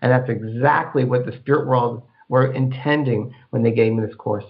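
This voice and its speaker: Man, mid-pitched radio host, rambling spiritual advice, dull lo-fi broadcast sound. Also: fairly even intonation, normal speed. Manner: rambling, repeats words, acts out inner voices.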